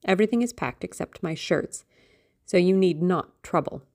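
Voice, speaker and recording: A woman's voice: fairly low pitch, expressive, normal speed, darkish tone. A woman voicing a sullen, blunt young man who speaks harshly and insistently.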